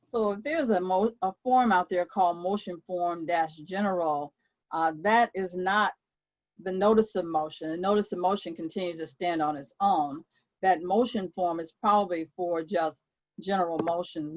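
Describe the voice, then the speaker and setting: A woman's voice: fairly low pitch, normal speed, dry recording, lo-fi sound. A woman court clerk moderating a webinar, reading out questions and answering them with frequent ums and uhs. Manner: reads out questions, then answers with many fillers. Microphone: video call.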